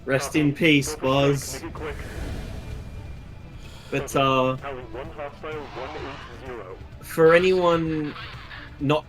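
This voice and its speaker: A man's voice: a little high, steady tone, music in the background. A man co-commenting on a friend's video, upbeat and enthusiastic in casual chat. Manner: upbeat, enthusiastic, quick to laugh along. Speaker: co-commentator and writer.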